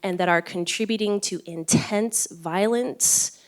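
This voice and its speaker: A woman's voice: mid-range voice, measured pace. Woman neuroscientist on a panel, earnest storytelling, lots of ums and restarts. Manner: earnest, thoughtful, many fillers and restarts. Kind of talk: reflective storytelling talk at a live event. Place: event stage.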